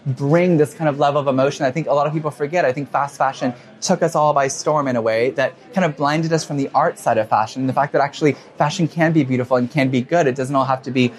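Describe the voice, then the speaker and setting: Young man, quick speech, gushing, lots of likes and you-knows, interview guest. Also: mid-range voice, steady tone. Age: 20s. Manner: fast, emotional, many fillers and quoted asides. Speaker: fashion designer, interview guest. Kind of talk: interview answers.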